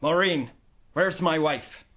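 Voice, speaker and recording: A man reading a storybook voicing a rough, hot-tempered working father, gruff and accusing. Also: on the high side, slow pace, a bit bright. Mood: angry.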